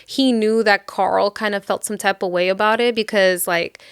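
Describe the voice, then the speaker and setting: A woman's voice: mid-range voice, steady tone, normal speed, smooth, no room sound, studio quality. A woman podcast host casually retelling a book plot in a rambling way, with lots of filler words. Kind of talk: casual chat.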